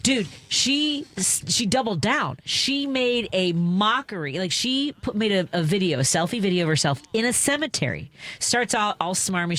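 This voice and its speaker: A woman hosting a radio talk show in a studio, telling stories with animated indignation. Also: mid-range voice, moderate pace, no room sound. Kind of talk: casual political chat.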